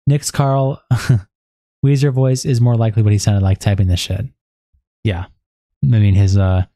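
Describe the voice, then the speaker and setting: A man's voice: mid-range voice, warm tone, no echo. A man casually commenting on a stream, blunt and swearing, laughing in disbelief. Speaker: streamer reacting to online drama.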